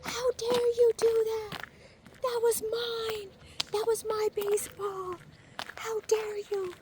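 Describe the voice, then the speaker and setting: A woman mimicking a shrill, outraged lady. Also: level tone, slow pace, noisy background. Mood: indignant. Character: indignant woman scolding a stranger.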